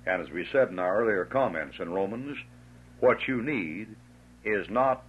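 A man's voice: fairly low pitch, expressive, a little slow, breathy edge. A man preaching a fiery sermon, emphatic and scornful, stretching out his stressed words. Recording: tinny lo-fi old tape.

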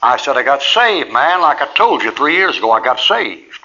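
A man's voice: mid-range voice, very animated, normal speed, bright, forceful tone, lo-fi sound. A man preaching a sermon, telling a personal story in a folksy way and acting out both sides of each conversation.

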